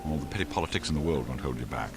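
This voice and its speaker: Aging spy mentor, dry, sardonic, very low voice, loud game music behind. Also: male voice, racing. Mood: stern, reassuring. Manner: dry, sardonic, world-weary. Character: aging male spy, wry weary mentor.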